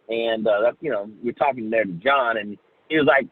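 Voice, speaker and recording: A singer guest from Oklahoma, USA, tells a story over a tinny, phone-like line. His husky, medium-pitched voice comes out halting and casual, full of fillers and restarts.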